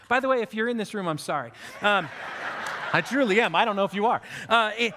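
A man preaching a sermon, telling stories in an animated way with comic outbursts. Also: high-pitched, fast. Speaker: pastor. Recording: long reverb of a large hall.

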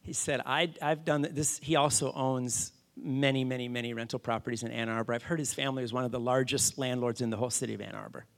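Male pastor, middle-aged, gravelly, animated self-mocking sermon storyteller. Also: mid-range voice, quick pace, hardly any pauses. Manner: animated, self-deprecating, speaks to the congregation.

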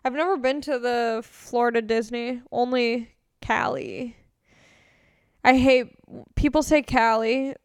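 A woman's voice: a little high, fairly even intonation, slow, clear, resonant tone, dry recording, studio quality. A young woman from California hosting a podcast, chatting casually and crudely in a rambling way with lots of fillers. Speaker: podcast host. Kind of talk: casual chat answering questions.

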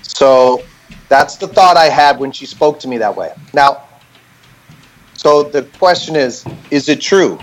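Animated man explaining on a call. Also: on the high side, a little hiss or hum, poor audio. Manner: animated, talks things through with many "right?" checks. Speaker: band member on a group call. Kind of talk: casual explanatory chat. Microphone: remote call.

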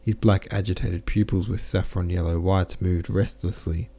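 A man narrates a classic novel in a low, mellow voice. He reads at a steady, unhurried pace and calmly corrects the odd slip. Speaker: audiobook narrator. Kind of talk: scripted narration.

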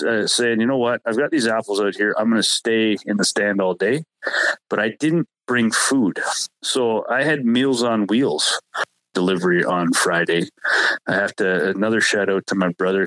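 Male host, lower register, relaxed rambling storyteller who keeps correcting himself. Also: normal speed, dry recording, rough recording. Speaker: podcast host telling a hunting story. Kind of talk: casual storytelling chat.

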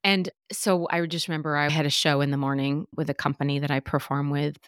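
Candid low-voiced woman telling a story. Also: little pitch movement, brisk, clean tone, dry recording, clean studio sound. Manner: candid, emotional storytelling with many fillers. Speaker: podcast host. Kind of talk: casual chat.

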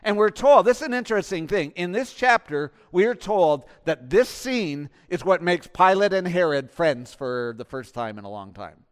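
A man's voice: sits high, expressive, moderate pace, hardly any pauses, clear, resonant tone, in a large hall. A man, the pastor, preaching a sermon with emphasis and tossing rhetorical questions to the congregation.

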